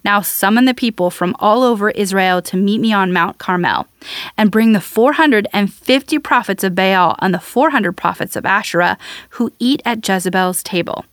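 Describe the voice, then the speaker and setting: A woman reading scripture aloud at a measured, even pace, as the regular reader of the show. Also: medium pitch, no room sound, clean studio sound. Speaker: Bible reader.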